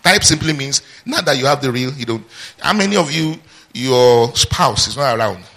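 Lively preacher, bright husky voice. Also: male voice, mid-range voice, normal speed. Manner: call-and-response, asks the congregation to finish his sentences; lively teaching with asides and laughter. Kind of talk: sermon.

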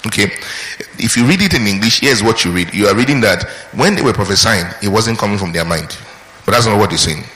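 A man's voice: fairly low pitch, expressive, a little fast, sharp tone. A man preaching a sermon, repeating his key points and asking the congregation questions. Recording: echoey hall with long reverb.

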